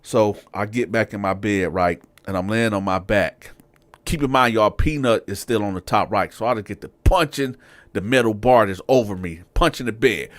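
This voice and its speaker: A man's voice: normal speed, no echo. A man, casually telling a prison story to his audience and acting out the quotes. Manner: animated, acts out quotes with rising pitch. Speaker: storyteller, show host.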